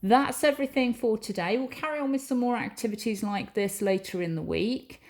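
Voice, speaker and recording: A woman's voice: fairly high pitch, brisk, a little mellow. A patient woman teacher. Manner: clear, patient, reads example sentences aloud. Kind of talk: recorded classroom lesson.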